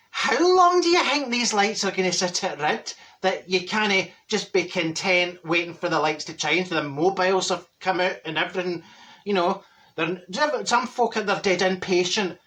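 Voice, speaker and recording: A brash Glaswegian woman of a certain age, played by a man, holds forth in a comic monologue to camera. Her voice is bright, and her gossipy, swooping delivery breaks into laughter mid-sentence. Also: sits high. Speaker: comedy character monologue.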